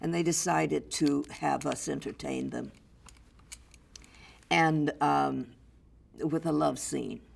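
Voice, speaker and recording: Older woman with a gravelly, slow voice. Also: low-pitched. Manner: lively storyteller, acts out others' voices. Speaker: interview guest, actress. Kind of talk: anecdotal storytelling.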